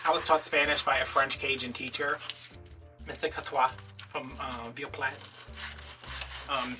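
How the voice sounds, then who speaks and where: A man's voice: medium pitch, recorded from a distance. A man from Louisiana, chatting through a rambling, sarcastic story in a casual vlog. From Louisiana, USA. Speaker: crafting vlogger.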